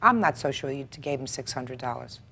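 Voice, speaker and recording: A woman's voice: a bass voice, animated, moderate pace, vocal fry, sharp tone, slightly rough. A woman presiding as a TV court judge, questioning litigants bluntly and cutting them off with firm commands. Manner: blunt, commanding, interrupts sharply.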